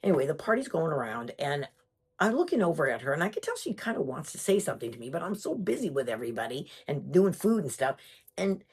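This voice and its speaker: Storyteller: low-voiced woman, husky tone, very lively delivery, chatty and emphatic. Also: fast talker. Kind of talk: personal storytelling.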